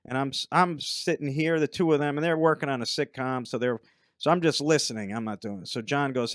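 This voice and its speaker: A man who is a comedian guest on a podcast, telling stand-up stories in a relaxed way and laughing along. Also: mid-range voice, brisk, no echo, clean studio sound. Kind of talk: casual storytelling chat.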